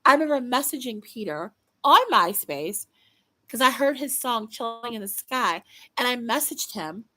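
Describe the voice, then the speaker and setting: A young woman talks straight to her livestream audience in a loose, unscripted way. Her voice sits a little high, and she is blunt and swears freely. She often stops and restarts her sentences. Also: animated, normal speed, sharp tone. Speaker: livestream host. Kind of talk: casual livestream chat.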